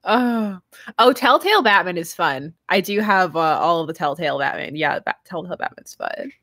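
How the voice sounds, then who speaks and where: A woman's voice: fairly low pitch, expressive, moderate pace, fairly bright tone, no echo, clean studio sound. Laughing young woman on a livestream. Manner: chatty, laughs often, trails off and restarts. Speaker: streamer. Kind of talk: casual livestream chat reading viewer comments.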